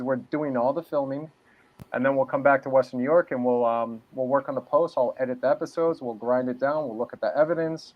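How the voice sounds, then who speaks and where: A man from New England chatting casually as a podcast guest, laid-back and saying "man" and "dude" a lot. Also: medium pitch. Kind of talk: casual interview chat. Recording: dull lo-fi sound.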